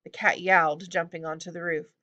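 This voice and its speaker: A woman reading a children's fantasy story aloud at a steady pace. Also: on the low side, a little fast, muffled recording. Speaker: audiobook reader. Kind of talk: storybook narration.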